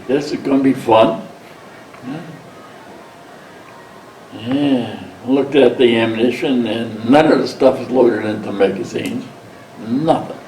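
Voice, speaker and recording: A man's voice: medium pitch, a little mellow, a little hiss or hum. A man in his seventies, a veteran telling his story in an oral history interview, blunt and profane in his words. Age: 70s. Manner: blunt and profane, retells scenes by quoting himself. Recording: roomy sound, mic set at a distance, faint background ambience.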